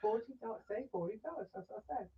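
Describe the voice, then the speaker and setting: A woman making quiet, brief remarks from off mic during a casual chat. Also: mid-range voice, lively intonation, rapid-fire. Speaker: host's partner. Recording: distant, dull lo-fi sound.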